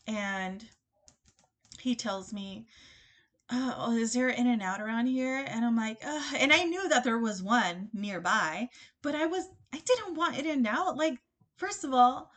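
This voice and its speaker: A woman hosting a podcast, telling a dating story in a chatty, animated way, acting out both sides of the conversation and laughing often. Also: a little high. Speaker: podcast host. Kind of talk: casual storytelling monologue.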